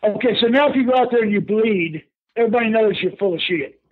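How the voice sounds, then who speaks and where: An older man, a veteran wrestler telling stories in a folksy, animated way as a podcast guest. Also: sits high, fast. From Texas. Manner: animated, folksy, laughs often, calls people boss. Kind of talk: casual storytelling on a podcast. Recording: tinny phone line.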